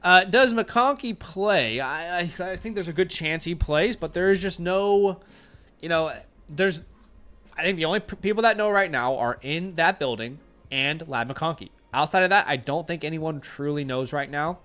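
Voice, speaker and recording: His voice sits a little high with a fairly bright tone, and he speaks at a moderate pace. A fantasy football host with a runny nose, he answers viewers' questions on a casual live stream, thinking aloud through fillers and restarts and offering blunt opinions.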